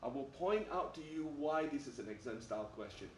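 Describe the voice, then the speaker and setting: A man's voice: medium pitch, lively intonation, a little fast, slight background noise. A man teaching a maths class, speaking emphatically and checking in with "all right?" again and again. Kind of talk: classroom lecture. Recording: echoey room, mic far off.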